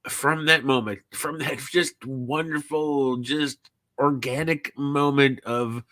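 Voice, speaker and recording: A man's voice: mid-range voice, steady tone, takes it slowly, pushed and bright, no echo. Rambling, profane podcast host man. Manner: rambling, profane, full of fillers. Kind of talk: casual live-streamed farewell talk.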